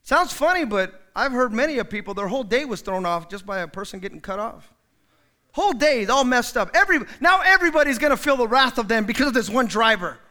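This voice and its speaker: A man preaching a sermon as pastor, lively and acting out quoted people with loud outbursts. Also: extremely high pitch, fast talker.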